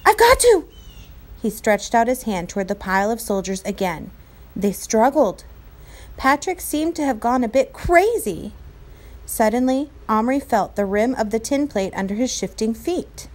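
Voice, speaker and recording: A woman teacher reading a novel aloud to her class, clear and expressive. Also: a little high, moderate pace.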